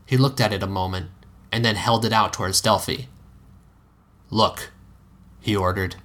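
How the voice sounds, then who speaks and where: A man reading a piece of fan fiction aloud in a steady storytelling manner, now and then correcting himself. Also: fairly low pitch. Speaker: narrator.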